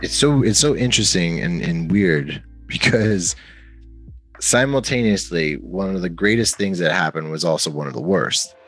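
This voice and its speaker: Young guy w a really deep voice, rambly podcast guest, lots of "you know" and "like", faint music under it. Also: moderate pace, breathy edge. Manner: rambling, many fillers and restarts, animated when quoting others. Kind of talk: casual conversational storytelling.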